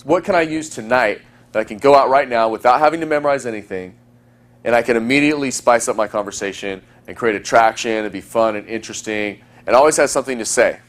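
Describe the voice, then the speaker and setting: A man with a mid-range voice teaches a recorded lesson as a dating coach. His delivery is quick and chatty, and he often acts out example lines.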